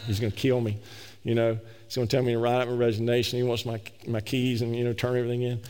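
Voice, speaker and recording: A middle-aged man preaching a sermon, telling a personal story in a folksy, animated way full of repetitions. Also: mid-range voice, fast, in a large hall. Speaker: pastor.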